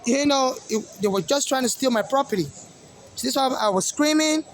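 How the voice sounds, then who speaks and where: A man's voice: very high voice, animated, normal speed, a little hiss or hum. A man from Nigeria with a Nigerian accent, rambling in an agitated monologue with many fillers and restarts. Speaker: activist vlogger. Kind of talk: monologue to camera.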